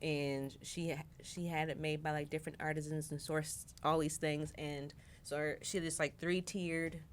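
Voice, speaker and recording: A woman's voice: low-pitched, level tone, normal speed, slight background noise. A woman who works as a makeup artist, chatting casually with many fillers about her work. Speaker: makeup artist, podcast guest. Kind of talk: casual chat.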